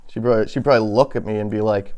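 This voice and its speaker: A man's voice: fairly low pitch, steady tone, racing, dark tone, muffled recording. A man doing a crude, rambling comedy monologue, often laughing at his own jokes. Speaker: comedy podcast host.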